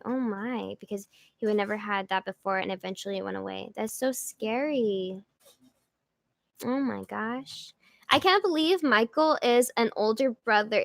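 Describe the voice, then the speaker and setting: A woman's voice: fairly high pitch, a bit bright, no echo. A young woman hosting a casual livestream, chatting and rambling with jokey asides as she reads viewer comments. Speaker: livestream host.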